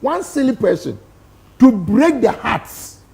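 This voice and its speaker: A man's voice: very high-pitched, very animated, slow, gravelly, a crowd in the background. A man with a Ghanaian accent arguing emphatically as a studio guest on a talk show, throwing out rhetorical questions. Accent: Ghanaian English. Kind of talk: impassioned studio debate.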